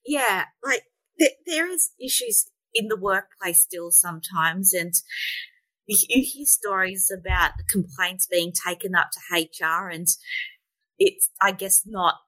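A woman author answering interview questions in an earnest, measured way, with some fillers. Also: mid-range voice, expressive, sharp tone, no echo, low-quality recording. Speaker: guest author.

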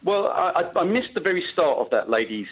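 A man's voice: a little high, big pitch swings, a little fast, breathy edge. A male caller on a radio phone-in, chatty and explanatory. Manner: chatty, explanatory, many fillers. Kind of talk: phone-in call. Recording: muffled phone line.

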